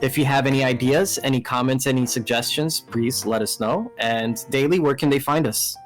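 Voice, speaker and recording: A man hosting a casual gaming podcast, talking excitedly and rambling with restarts, with a mellow voice. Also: mid-range voice, moderate pace, soft background music, poor audio. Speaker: podcast host. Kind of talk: casual chat.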